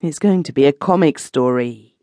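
A woman's voice: low-pitched, moderate pace, mellow, no room sound, clean studio sound, lightly acted. A woman voicing a composed woman who speaks in a neutral, guarded tone. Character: composed woman listening from a couch.

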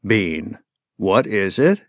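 A male audiobook narrator voicing a calm, patient father in a quiet, lowered voice. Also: drawn-out words, no room sound, full character voice. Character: calm, steady father, low-key and patient. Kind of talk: audiobook character voice.

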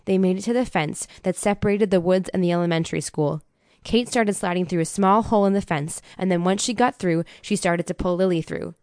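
A woman narrating a thriller audiobook in a steady, measured way. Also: fairly low pitch, no room sound, clean studio sound. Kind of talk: scripted narration.

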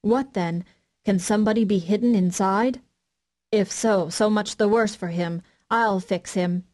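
A woman's voice: mid-range voice, measured pace, a little mellow, lightly acted. A woman voicing an old male carpenter who mutters to himself and grows frightened, in a storybook reading. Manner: muttering to himself, trembling and stammering.

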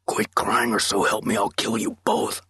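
A masked intruder hisses threats in a scratchy whisper, as a man reads him in an audiobook. The voice stays low, husky and dry, close to the mic. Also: steady tone, moderate pace, dry recording, full character voice. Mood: menacing whisper. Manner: threatening, hushed. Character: menacing masked male intruder, adult.

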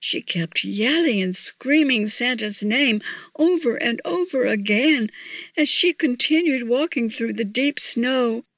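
Slow-reading woman storyteller. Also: fairly high pitch, animated, fairly bright tone, dry recording. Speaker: audiobook narrator. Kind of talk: children's story narration.

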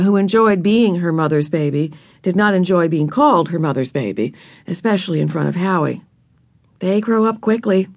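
A woman narrating a children's audiobook in a measured, expressive storytelling voice, recorded close to the mic. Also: fairly low pitch.

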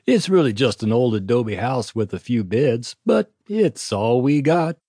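A man's voice: mid-range voice, big pitch swings, unhurried, dark tone, no room sound, studio quality. A man voicing a kind, blunt older woman nurse on the frontier, folksy and plain-spoken, in a storybook reading.

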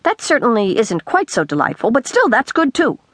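A carefree, boastful girl with a lively, leaping voice that climbs high when she gets excited, as a woman reads her. She rattles on quick and bright, close and dry on the mic. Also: no echo, heavily acted.

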